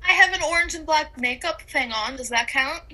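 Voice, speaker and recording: A young woman co-hosting a podcast in casual chat, giggly and gushing with excitement. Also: high-pitched, brisk, rough recording. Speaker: podcast co-host.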